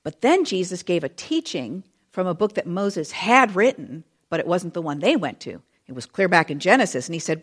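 A middle-aged woman preaching a sermon and telling the story with animated, acted-out voices, addressing the children in the room too. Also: fairly low pitch, moderate pace, few pauses, breathy edge. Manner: speaks to children in the audience.

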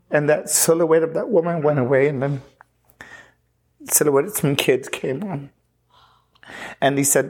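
A man's voice: fairly high pitch, a little mellow. Earnest man telling his testimony. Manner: earnest, halting, with frequent restarts and retold dialogue. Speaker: pastor. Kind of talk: personal testimony storytelling.

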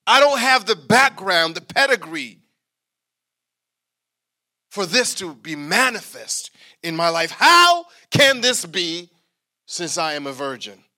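A man's voice: sits high, big pitch swings, takes it slowly, pauses often, sharp tone, full character voice. A male preacher voicing a humble young woman who questions an angel, speaking earnestly and pleading. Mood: doubtful.

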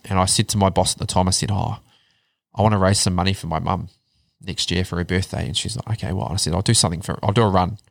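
A man telling his life story in a casual chat, blunt and animated, swearing heavily. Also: low-pitched, quick pace, vocal fry, no room sound. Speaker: podcast guest.

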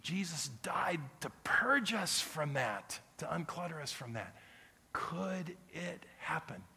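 A male pastor preaching an impassioned sermon, swinging from loud pleading to hushed prayer. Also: a little high, very animated, a little slow, slightly rough. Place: church sanctuary. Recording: long reverb of a church sanctuary.

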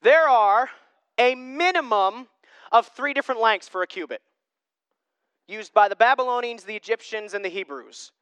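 High, bright-voiced young male pastor. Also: moderate pace, smooth, dry recording. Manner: conversational, self-deprecating, with lively asides. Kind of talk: sermon.

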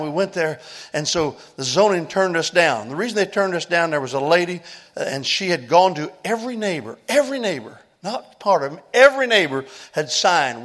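An older man, a pastor telling a story in a sermon that builds into loud preaching and an altar call. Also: on the high side.

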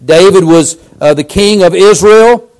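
A man preaching a sermon, fervent, swinging from loud cries to hushed lines. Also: sits high, unhurried, smooth.

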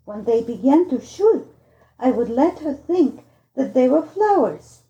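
Woman reading a storybook, slow and measured, gravelly, muffled lo-fi. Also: high-pitched, very animated, warm tone, echoey room. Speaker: audiobook narrator. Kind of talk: storybook narration.

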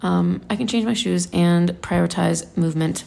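A woman vlogs in a relaxed, chatty way, circling back on her words and padding with fillers. Her voice sits a little low and is heavily gravelly. The whole thing feels loose and unscripted. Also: moderate pace. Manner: chatty, rambling, many fillers and restarts. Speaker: lifestyle vlogger. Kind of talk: casual vlog chat.

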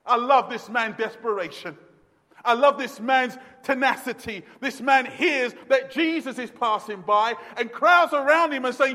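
A man preaches with a strikingly high voice, pressing his points hard and swinging between quiet and loud. His words ring through the long echo of a church hall. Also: normal speed. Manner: emphatic preaching, swinging from hushed to shouting. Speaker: pastor. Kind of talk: sermon. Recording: long echoey reverb of a hall.

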